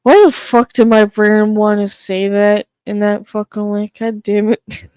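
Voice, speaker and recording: A woman's voice: medium pitch, steady tone, a little slow, a little mellow, clear, resonant tone, no room sound, highs cut off. A woman from the Boston area chatting casually on her live stream, blunt and swearing freely.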